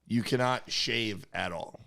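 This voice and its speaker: A man's voice: fairly low pitch, measured pace, vocal fry, sharp tone. A man co-hosting a comedy podcast, teasing his co-host in casual, playful banter.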